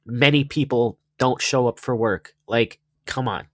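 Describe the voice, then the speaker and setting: A man in his thirties co-hosting a podcast, chatting casually in a rambling, halting way and swearing often. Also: medium pitch, dry recording, studio quality. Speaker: podcast co-host. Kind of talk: casual chat.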